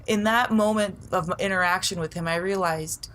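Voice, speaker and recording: A woman's voice: on the low side, steady tone, moderate pace, fairly bright tone, a little hiss or hum. Middle-aged woman rambling with easy laughter. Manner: rambling, laughs often, filler-heavy. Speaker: podcast guest. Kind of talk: casual storytelling chat.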